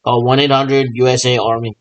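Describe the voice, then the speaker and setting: A man with a voice of ordinary middle pitch rambles on his own. He mimics radio check chatter and keeps answering himself in a loose, repetitive back-and-forth. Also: flat delivery, fairly quick, no room sound, low-quality recording. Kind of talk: rambling improvised monologue.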